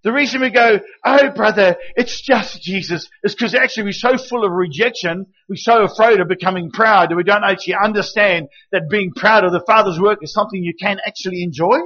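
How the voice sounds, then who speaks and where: A man preaching as a guest speaker, telling lively stories with acted-out quotes and sometimes dropping to a hushed, intimate tone. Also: high-pitched, fast, few pauses. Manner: animated storytelling with acted quotes. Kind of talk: sermon. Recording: dull lo-fi recording.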